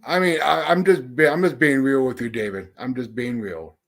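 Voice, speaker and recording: Dude on a livestream just chatting with viewers, cusses a ton, blunt, keeps restarting sentences. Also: male voice, mid-range voice, moderate pace, fairly bright tone. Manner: profane, blunt, rambling with frequent restarts. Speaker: livestream host. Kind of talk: casual chat reading viewer comments.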